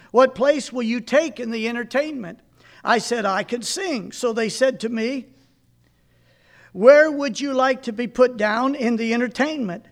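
Very high-voiced fervent male preacher. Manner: fervent, breaks in with exclamations of praise. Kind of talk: sermon reading aloud from a book with commentary.

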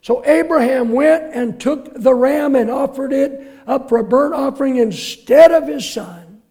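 A man preaching a sermon, reading scripture with emphasis, shouting some quotes and dropping to quiet asides for the congregation. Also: extremely high pitch, creaky.

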